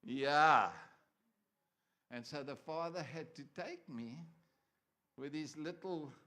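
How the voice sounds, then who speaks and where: A man's voice: on the high side, takes it slowly, bright, forceful tone. A man preaching a sermon to a church congregation, conversational and joking with the people in front of him.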